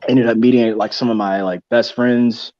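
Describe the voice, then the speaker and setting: A man's voice: medium pitch, steady tone, normal speed, dry recording. A young man telling a long story in casual chat, rambling and slangy with lots of fillers and restarts. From Texas. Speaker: podcast co-host. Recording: dull dry studio sound.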